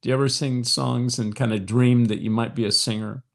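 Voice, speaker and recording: Middle-aged man, livestream preacher, emotional, swings from soft to impassioned, talks right to viewers, mid-pitched voice. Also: fairly even intonation, fairly quick, vocal fry. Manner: emotional, rising to impassioned peaks then dropping soft; direct address to viewers, frequent fillers. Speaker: online preacher leading prayer. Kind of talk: livestream devotional talk.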